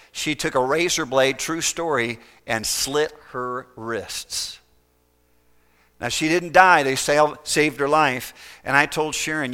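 Bright, clear-voiced male preacher. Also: fairly high pitch. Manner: urgent, pleading; acts out quoted voices. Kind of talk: evangelistic sermon.

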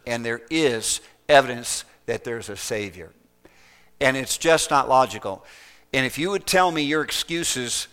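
A man's voice: medium pitch, fairly bright tone, clear, resonant tone. A man preaching an evangelistic sermon, urgent and pleading, acting out the voices of people in his stories. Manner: acts out quoted voices.

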